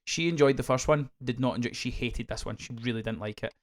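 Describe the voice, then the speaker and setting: A Scottish man co-hosting a casual film podcast. He talks in animated bursts, swears freely and often restarts his sentences. His voice sits at an everyday middle pitch. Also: fast. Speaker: podcast co-host. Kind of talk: casual film review chat.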